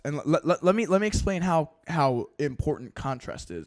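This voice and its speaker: A young British man putting on an American accent, ranting to camera in a rambling, stammering way, swearing and mocking himself deadpan. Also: a little high, brisk, hardly any pauses, dry recording, studio quality, faint music behind. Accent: put-on American. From Britain. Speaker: YouTuber. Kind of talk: casual rant to camera. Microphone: desk studio microphone.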